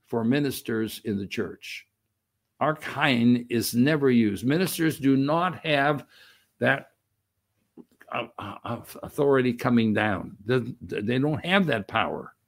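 A man's voice: mid-range voice, vocal fry. An older man giving a conversational sermon as a minister, repeating phrases and using fillers. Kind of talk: sermon teaching.

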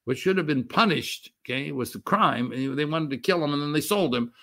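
An older man preaching a sermon, reading scripture aloud with slow, emphatic stress and explaining it in a halting way with many restarts. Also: fairly high pitch, animated, a bit bright. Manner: unhurried, halting with frequent restarts and fillers; reads quoted verses with slow emphatic stress. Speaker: pastor.

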